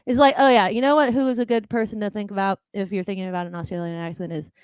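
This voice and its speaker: A woman's voice: medium pitch, fairly even intonation, very fast, clean tone, dry recording. A woman co-hosting a casual online chat show, musing aloud, giggling and playing herself down. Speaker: co-host. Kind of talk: casual chat with comic impressions.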